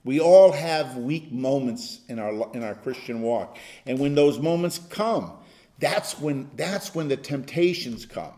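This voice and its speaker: Emphatic, animated male pastor. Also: mid-range voice, measured pace. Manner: emphatic, animated, bursts into loud shouted "no". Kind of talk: interactive Bible study teaching.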